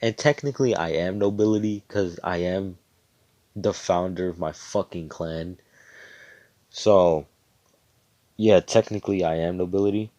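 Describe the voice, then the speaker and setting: A man's voice: low-pitched, measured pace, long pauses, mellow, dry recording, muffled recording. Man voicing a cocky, swearing young hero. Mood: boastful. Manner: swaggering, swears a lot. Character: cocky young male hero, boastful and crude.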